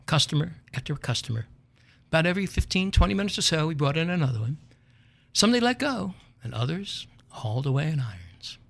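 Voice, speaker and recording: An older man hosting a show, telling a comic story in a wry, animated way and chuckling at his own tale. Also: fairly high pitch, a little fast, creaky. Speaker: podcast host.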